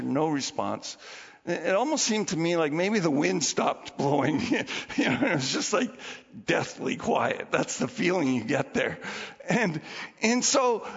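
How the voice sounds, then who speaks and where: A man preaching a sermon as pastor, telling the story in an animated way and acting out the people in it. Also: fairly high pitch, creaky, husky. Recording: dull lo-fi recording with long hall reverb.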